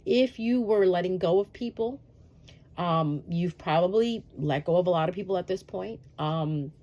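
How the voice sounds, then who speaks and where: Chatty woman with a lowish voice. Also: moderate pace, warm tone. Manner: chatty and reassuring, frequent "um" fillers. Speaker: astrology reader. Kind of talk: casual direct-address astrology update.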